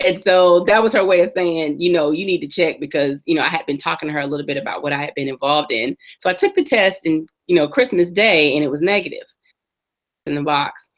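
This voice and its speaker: Guest, woman in her forties, low, warm-toned speaker, earnest and reflective, telling her life story. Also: fairly quick. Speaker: interview guest. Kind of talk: personal testimony in an interview.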